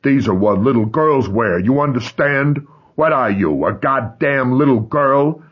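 A man's voice: medium pitch, animated, breathy edge, lo-fi sound, voice pushed up. A man doing a raging, brutal stepfather. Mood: furious. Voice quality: slow, shouting, coarse. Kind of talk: audiobook character reading.

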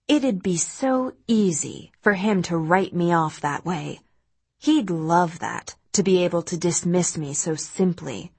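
A woman's voice: on the low side, measured pace, darkish tone, breathy edge. A woman narrating a first-person audiobook in a cold, cutting, controlled manner, close to the mic.

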